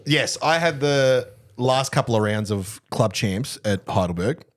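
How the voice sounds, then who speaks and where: A young man on a casual podcast, relaxed, swearing now and then and chuckling. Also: medium pitch, a little slow. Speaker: podcast co-host. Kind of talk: casual chat.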